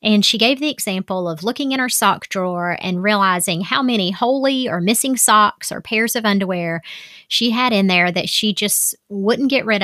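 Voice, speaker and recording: A woman's voice: mid-range voice, fairly bright tone, no echo. Chatty woman podcaster, dry close mic. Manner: chatty and candid, with fillers and asides. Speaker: podcast host. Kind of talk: casual solo podcast talk.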